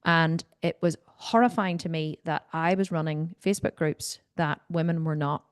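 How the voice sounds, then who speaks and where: A woman's voice: low voice, moderate pace, smooth, no room sound, studio quality. A woman hosting a live video Q&A, telling a story in a candid, blunt way and swearing freely. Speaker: host. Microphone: video call mic.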